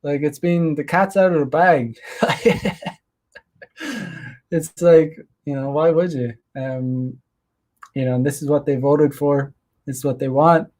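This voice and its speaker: A man's voice: medium pitch, a little mellow. A man hosting his own show, talking loosely with many fillers and restarts. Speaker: host. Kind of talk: casual solo livestream commentary.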